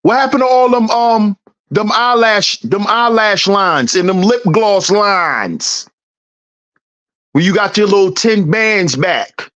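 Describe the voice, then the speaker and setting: Slow, swooping woman host, teasing rhetorical rant, repeats herself. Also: fairly bright tone, dull audio. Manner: teasing, sing-song, repeats questions; swings in pitch, drawn-out words. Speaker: channel host.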